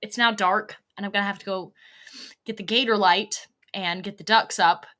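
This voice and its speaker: A woman's voice: mid-range voice, fairly even intonation, normal speed, a bit bright. Blunt, profane woman streamer. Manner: blunt, profane, rambling storytelling. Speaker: livestream host. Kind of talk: casual rambling monologue.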